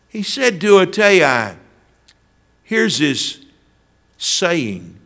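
A man's voice: on the high side, very animated, slow pace, sharp tone. A man preaching a sermon, telling stories and addressing listeners by name.

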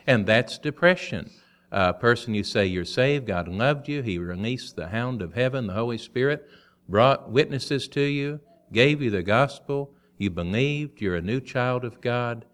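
A man preaching a sermon in a folksy, storytelling way, with quick humorous asides. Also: medium pitch, animated, a bit bright.

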